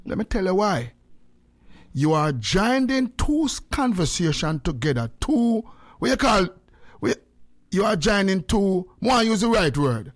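A man's voice: high voice, measured pace. A man with a Jamaican accent hosting a radio chat, mixing English and patois and giving advice. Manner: lively, switching between English and patois, preachy. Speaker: radio host. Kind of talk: casual chat.

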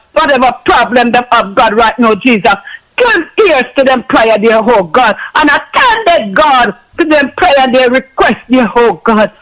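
A man's voice: very high voice, fairly bright tone, low-quality recording. A man ministering in an impassioned spoken prayer for someone, ending nearly every phrase with a call to God. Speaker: minister praying for a caller.

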